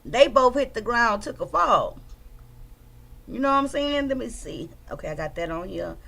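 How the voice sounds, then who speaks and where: This is a woman hosting a livestream. She chats casually and greets her viewers by name. Her voice sits a little high, and her delivery is animated. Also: normal speed, vocal fry. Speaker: livestream host commenting on trial footage.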